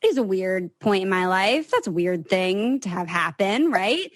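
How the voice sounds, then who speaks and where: A woman's voice: mid-range voice, very animated, moderate pace, no room sound, clean studio sound. A young woman hosting a podcast, chatting and asking her sibling questions. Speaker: podcast host. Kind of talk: casual chat.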